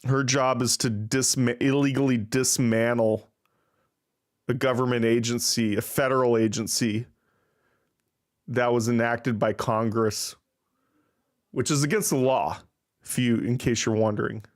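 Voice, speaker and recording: A man's voice: medium pitch, steady tone, measured pace, pauses often. A man hosting a casual livestream, rambling and self-deprecating with plenty of swearing. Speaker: livestream host. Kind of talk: casual live-stream chat.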